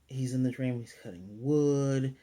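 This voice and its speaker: A man's voice: medium pitch, steady tone, measured pace, dark tone. A man giving a casual, conversational recap and review of an anime episode, retelling scenes with loosely paraphrased character lines and lots of fillers. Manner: loose filler-heavy delivery with restarts.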